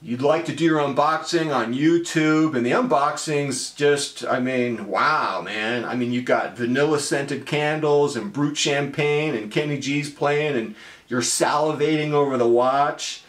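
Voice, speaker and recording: A man's voice: on the high side, measured pace, a bit bright. Wry man talking in a roomy space. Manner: wry, playful, self-mocking. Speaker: watch vlogger. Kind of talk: casual humorous monologue. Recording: roomy echo.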